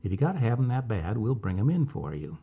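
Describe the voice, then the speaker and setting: A man voicing a big, rough man who speaks in a blunt, jeering way. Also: fairly low pitch, sing-song, fast talker, dark tone, full character voice.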